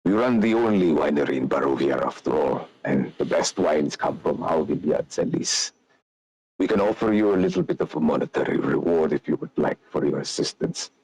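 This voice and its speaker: A man's voice: extremely low pitch, lively intonation, fairly quick, darkish tone, pitched below the performer's own voice, exaggerated voice, rough recording. A man voicing a weary old vintner who heads his family, pleading in old-fashioned speech. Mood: grudging. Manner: gruff, pleading, archaic speech.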